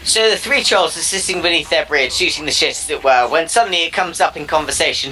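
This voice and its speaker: A man on game voice chat telling a long, rambling joke story in a deadpan, digressive way. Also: fairly high pitch, quick pace, few pauses, rough recording.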